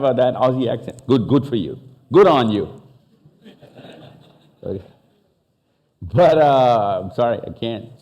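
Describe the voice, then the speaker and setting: A man from Pakistan talking to a live audience from a stage, quick and interactive, slipping between English and Urdu. His voice is dark and mellow, picked up by a stage microphone in a large hall. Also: medium pitch. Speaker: speaker at a live talk. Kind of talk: lively live talk with audience questions.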